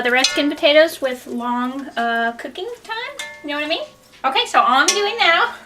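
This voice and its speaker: A woman with a high, bright voice walks through a recipe in her home kitchen. Her delivery is chatty and jokey, and she laughs at her own puns. Faint clatter of pots and pans sits behind her. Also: a little hiss or hum. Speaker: home cooking show host. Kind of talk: casual cooking demonstration.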